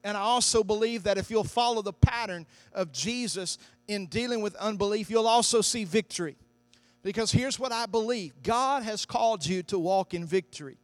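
A man's voice: sits high, moderate pace, no room sound. A man preaching a sermon, reading scripture and building to emphatic declarations. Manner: emphatic, rising to loud declarations.

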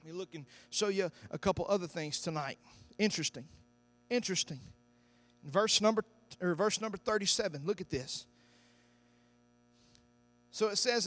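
High-voiced emphatic male preacher. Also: normal speed, long pauses, no echo. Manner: emphatic, rising to loud declarations. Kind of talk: sermon.

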